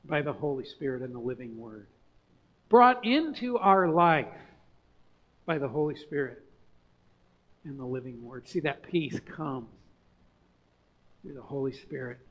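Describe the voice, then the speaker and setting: A male pastor preaching a sermon in a conversational way, building to emphatic swells and dropping to hushed, quiet lines. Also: sits high, highs cut off.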